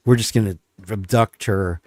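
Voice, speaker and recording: A man's voice: on the low side, moderate pace, darkish tone, dry recording, studio quality. A man hosting a livestream in casual chat, rambling and joking about himself. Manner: rambling, joking, self-deprecating. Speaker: stream host.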